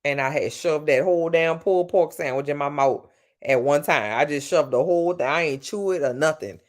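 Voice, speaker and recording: Chatting casually with her livestream viewers, a Louisiana woman with a Southern accent swears freely and talks a little fast. Her pitch keeps jumping up and down as she goes.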